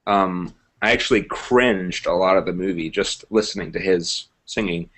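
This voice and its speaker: A man's voice: sits low, moderate pace, a bit bright. A young man co-hosting a casual movie review chat, opinionated and hedging his views. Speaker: co-host.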